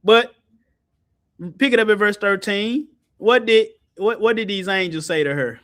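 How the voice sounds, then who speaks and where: A man teaching Bible study in an animated, colloquial way, speaking on a video call. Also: measured pace. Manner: lively, colloquial, jumps high in pitch for emphasis, laughs often.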